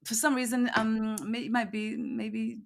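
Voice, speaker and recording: A woman hosting a podcast, speaking in a soft, musing way and often pausing to restart her thoughts as she reflects aloud. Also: fairly high pitch, flat delivery, vocal fry. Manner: soft-spoken, musing, trails off and restarts while thinking aloud. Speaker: podcast host. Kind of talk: reflective conversational interview.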